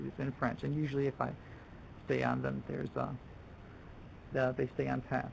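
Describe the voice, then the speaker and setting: A man's voice: medium pitch, completely flat delivery, normal speed, creaky, slight background noise, rough recording. A man leading a workshop for language teachers, talking loosely with restarts and acting out what students and teachers say. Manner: conversational, with many restarts and acted-out student quotes. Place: lecture room.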